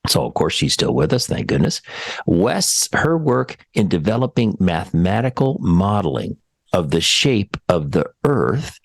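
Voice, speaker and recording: A man with a very low, deep voice hosts a tech talk show. He chats casually and with enthusiasm, his voice leaping upward when he exclaims. The sound is dry and close. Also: creaky, dry recording. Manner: enthusiastic, exclaims with big pitch jumps. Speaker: radio show host.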